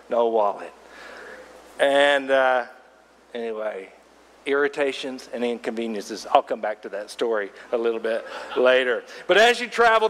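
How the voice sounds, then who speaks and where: A man preaching a sermon, telling a story from his own travels with lively asides to the congregation. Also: fairly high pitch, big-room sound. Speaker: pastor.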